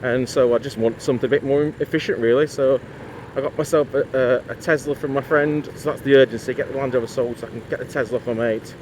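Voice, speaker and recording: A man's voice: medium pitch, steady tone, quick pace, a little mellow, a little hiss or hum. A man chatting casually to camera for his motorcycle vlog, rambling with lots of asides and fillers. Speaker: motorcycle vlogger.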